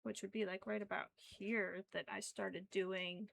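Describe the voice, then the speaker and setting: A woman crochets on a livestream, chatting in a rambling, filler-filled way and counting stitches under her breath. She speaks at a measured pace in a flat, medium-pitched voice with vocal fry and a fairly bright tone, with no echo.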